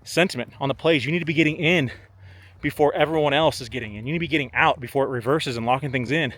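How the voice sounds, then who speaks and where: A man's voice: mid-range voice, fast talker. A young man, a trader, chatting casually to camera outdoors on a golf course, a bit out of breath, peppering his talk with "like" and "man". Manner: relaxed, chatty, uses "like" and "man" a lot. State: slightly out of breath. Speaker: options trader and vlogger.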